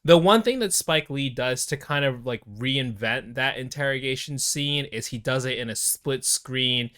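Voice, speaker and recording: A man's voice: mid-range voice, normal speed, bright, forceful tone. A man co-hosting a film podcast, chatting casually and animatedly, often laughing and acting out lines from the movie. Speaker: podcast co-host.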